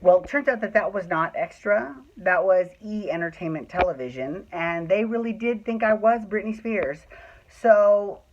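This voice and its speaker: A man's voice: high voice, moderate pace, lo-fi sound. A man telling a personal story in a casual, chatty way, swearing freely and acting out what people said. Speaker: storyteller host.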